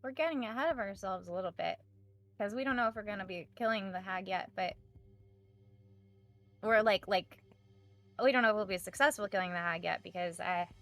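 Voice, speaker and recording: A woman's voice: mid-range voice, brisk, pauses often, a bit bright. Hesitant woman player thinking aloud. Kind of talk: in-character tabletop play.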